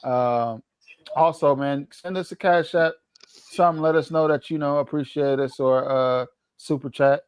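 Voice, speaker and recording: A man with a slightly raised pitch co-hosts a casual livestream, rambling in a loose, slangy way. His voice sits close and dry on the mic, with no room sound. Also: fairly even intonation, clear, resonant tone, no room sound, poor audio. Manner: loose, slangy, drawn-out asides. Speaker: co-host.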